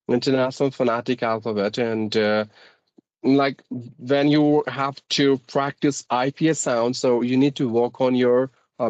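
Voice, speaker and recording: A man's voice: medium pitch, darkish tone, no echo, lo-fi sound. A man with an Indian accent who teaches English, hosting a casual speaking-practice conversation in a formal, articulate way.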